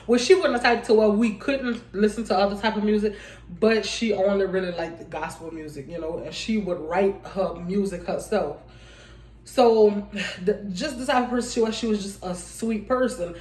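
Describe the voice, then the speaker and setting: A young woman speaks at a medium pitch, rambling and restarting her sentences as she chats with her viewers. Her voice carries noticeable room echo. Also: moderate pace, a little mellow. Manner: rambling, restarts often, addresses viewers as y'all. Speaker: vlogger. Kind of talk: casual heartfelt vlog talk.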